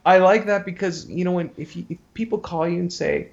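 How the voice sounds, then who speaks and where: A man's voice: sits high, brisk, gravelly, highs cut off. A man in his thirties chatting casually as an interview guest, rambling with many restarts and acting out what people said. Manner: rambling, many restarts, acts out quoted voices.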